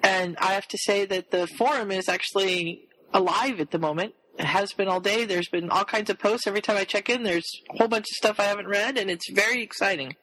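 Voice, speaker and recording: A woman's voice: mid-range voice, a little fast, hardly any pauses, fairly bright tone, rough recording. A woman co-hosting a podcast, speaking in an upbeat, enthusiastic casual chat. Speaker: podcast co-host.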